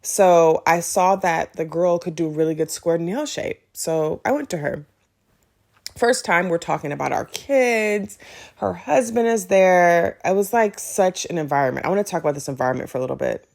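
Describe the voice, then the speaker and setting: A woman hosting a podcast, telling a personal story in a chatty, animated way and acting out the dialogue. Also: fairly low pitch, moderate pace, creaky. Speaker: podcast host. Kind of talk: casual storytelling monologue.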